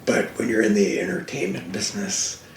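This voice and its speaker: An older guest, known as a racing TV commentator, speaks fairly quickly in a gravelly, lowish voice, telling animated, emphatic stories in a relaxed fireside setting. Echo from the room and faint hiss come through the distant mic.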